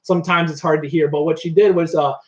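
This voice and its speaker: A young man with a notably high voice, chatty and friendly, walking viewers through his animals and cooing at them as he goes. He is recorded in an echoey room at home, and the sound is a little dull. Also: fairly even intonation, quick pace, a little mellow. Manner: chatty, coos at his pets. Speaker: animal educator. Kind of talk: live-streamed animal show.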